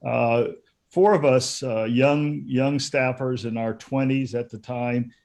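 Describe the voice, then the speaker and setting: Man in his fifties, policy consultant, measured delivery, frequent hesitant fillers, mid-pitched voice. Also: fairly even intonation, gravelly, a little mellow. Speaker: guest speaker, policy consultant. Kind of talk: webinar talk.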